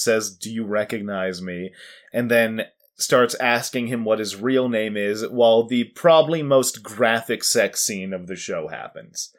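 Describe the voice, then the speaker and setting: A young man casually recapping an anime episode on a podcast, rambling with fillers and laughs. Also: medium pitch. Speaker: podcast co-host.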